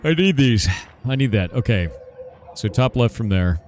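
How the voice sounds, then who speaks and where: A man's voice: medium pitch, expressive, moderate pace, darkish tone. A man streaming a game in casual chat, thinking aloud and swearing under his breath as he plays.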